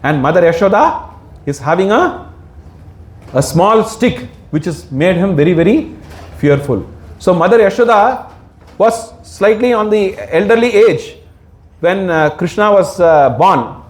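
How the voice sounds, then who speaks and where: A man's voice: high-pitched, animated, unhurried. Man preaching a sermon, asks questions and answers them himself, roomy echo. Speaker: devotional speaker.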